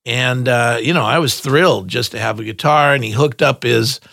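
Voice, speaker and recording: A man's voice: mid-range voice, moderate pace, gravelly, pushed and bright, no echo, clean studio sound. An older man, a guest on a podcast, chatting casually and telling rambling stories with frequent laughs and acted-out quotes. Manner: rambling storyteller, laughs often, acts out quotes. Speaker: guest musician. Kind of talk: casual interview chat.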